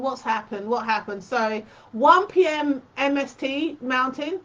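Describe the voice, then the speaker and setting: A woman hosts a quilting live stream in a casual, chatty way and talks fondly to her viewers. Her voice sits a bit higher than most women's. The sound is dull and lo-fi, like stream audio. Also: measured pace, few pauses, pushed and bright. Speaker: quilting tutorial host.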